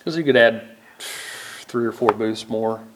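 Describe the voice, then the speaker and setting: A man's voice: lowish voice, slow pace, noisy background. A man chairing a public board meeting, calling motions and votes and reading agenda items aloud.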